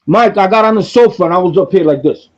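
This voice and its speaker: A man hosting a podcast, telling a story in an excitable, profane way and repeating himself. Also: sits high, quick pace, dull audio. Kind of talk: animated casual storytelling.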